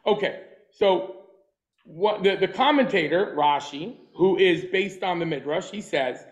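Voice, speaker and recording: Male lecturer, very high pitch for a man, forceful and emphatic, repeats short lines for effect. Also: animated, a little slow, dull audio. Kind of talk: lecture on a class.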